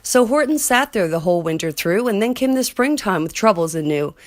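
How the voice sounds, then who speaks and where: A woman's voice: medium pitch, lively intonation, fairly quick, no echo. A woman reading a rhyming children's picture book aloud as a storyteller, in a rhythmic way.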